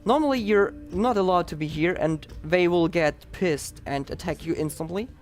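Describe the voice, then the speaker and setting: A man's voice: sits high, normal speed. A man with a Dutch accent giving chatty, upbeat live commentary on his own speedrun, explaining as he plays.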